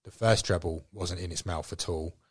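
A man, a guest angler, telling a fishing story in a casual, animated way. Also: low voice, normal speed, breathy edge, no echo, studio quality.

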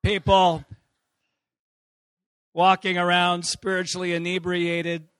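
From the pulpit, a male pastor with a high, bright, clean voice slowly works through a personal story as part of his sermon. He's animated, laughing and then erupting into shouts, all captured in close, dry sound.

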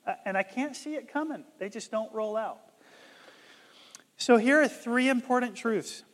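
Man, pastor, sermon, emphatic, stumbles over words, long hall echo. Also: sits high. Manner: emphatic, surging loud on key words.

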